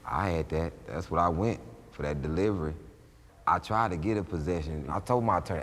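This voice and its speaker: Male stand-up, bright, very lively delivery, big reverberant room. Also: brisk. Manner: animated, swings into high excited shouts. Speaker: stand-up comedian. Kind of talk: stand-up storytelling. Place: jail, large hard room. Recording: long hall reverb, faint noise.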